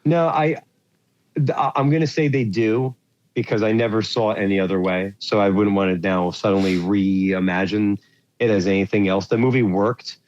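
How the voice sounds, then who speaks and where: A man's voice: on the low side, fairly even intonation, moderate pace, darkish tone, lo-fi sound, a little hiss or hum. A man co-hosting a movie podcast, chatting casually and rambling with lots of fillers as he searches for words. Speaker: podcast co-host. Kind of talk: casual chat about movies.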